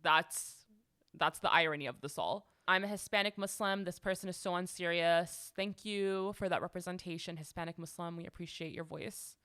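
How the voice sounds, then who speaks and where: A woman's voice: lowish voice, moderate pace, a bit bright, clear, resonant tone. A young woman hosting a casual commentary show, talking sarcastically and chattily with lots of "like.". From United States. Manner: sassy, sarcastic, chatty with frequent "like". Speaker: podcast host.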